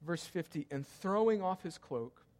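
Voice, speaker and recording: A man preaching a sermon as pastor, emphatic and repetitive, swinging from loud cries to hushed, quiet passages. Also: a little high, animated, unhurried. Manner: emphatic, repeats key lines, swings between loud cries and hushed tones. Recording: long hall reverb.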